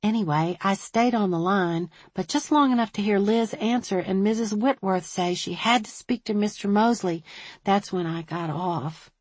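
A woman's voice: mid-range voice, normal speed, darkish tone, husky, dry recording, natural voice. A woman voicing a chatty small-town switchboard operator who is eager and a bit defensive.

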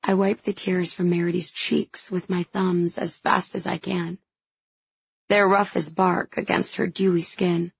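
A woman reads a first-person fantasy story aloud in a soft, intimate manner. Her low voice is very breathy, with a gravelly fry. The dry, close recording sounds slightly dull. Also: flat delivery, measured pace, no room sound. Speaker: audiobook narrator.

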